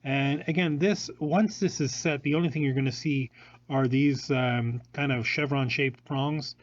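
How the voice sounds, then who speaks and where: Male showroom host, rambling and hesitant, mid-pitched, dull lo-fi phone sound. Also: steady tone, unhurried. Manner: rambling, with many fillers and restarts. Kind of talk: live product showcase.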